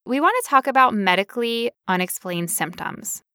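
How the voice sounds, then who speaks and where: A woman's voice: a little high, expressive, moderate pace, pushed and bright, smooth, dry recording, studio quality. A woman co-hosting a podcast, talking casually with sarcastic asides. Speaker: podcast co-host.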